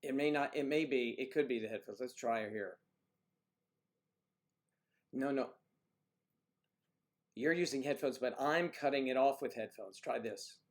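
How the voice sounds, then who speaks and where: An American man hosting a casual livestream, rambling and often clearing his throat while he fiddles with the audio. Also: mid-range voice, a little slow, pauses often. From United States. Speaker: livestream host.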